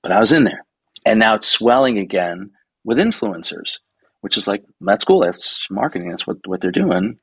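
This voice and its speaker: A man in his sixties, a guest photographer telling stories in a casual interview, animated, swearing freely and acting out the people he quotes. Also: on the low side, moderate pace, breathy edge, no room sound, poor audio. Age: 60s.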